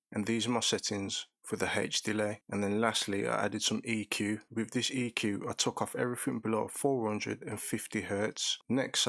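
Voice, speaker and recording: Low, gravelly man explaining calmly. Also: no echo. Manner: calm, methodical, explains each step plainly. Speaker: beat-making tutorial host. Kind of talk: step-by-step production walkthrough.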